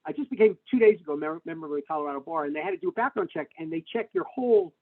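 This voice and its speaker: A middle-aged man telling stories in an interview, animated and full of fillers and restarts, speaking over a video call. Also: on the high side, very fast. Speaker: tax lawyer, interview guest. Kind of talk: conversational interview answers. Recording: tinny phone-like webinar audio.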